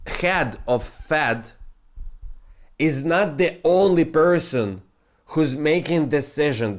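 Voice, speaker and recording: Profane, ranting male crypto host. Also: a little high. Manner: profane, animated, non-native phrasing. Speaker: crypto trading channel host. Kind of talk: ranting market commentary.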